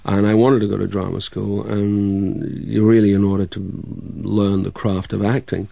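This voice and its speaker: A very low, gravelly-voiced actor with a mixed Scottish, English and American accent. He talks in a halting, casual way, full of fillers and restarts, in a dry, close sound. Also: flat delivery, dark tone, no room sound. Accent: hybrid Scottish-English-American. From Scotland, Dundee. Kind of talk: casual interview chat.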